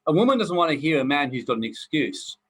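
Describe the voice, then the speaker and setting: A man's voice: on the high side, big pitch swings, fast, a bit bright, husky, rough recording. A middle-aged man giving a blunt, preachy motivational talk to a group, swearing freely as he goes. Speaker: personal development speaker.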